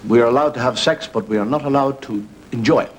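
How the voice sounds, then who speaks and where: An Irish comedian telling jokes to a studio audience in a droll storytelling manner, slipping into quick voices for his characters. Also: mid-range voice. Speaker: comedian host. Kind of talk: stand-up joke telling. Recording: loud hiss on an old TV recording.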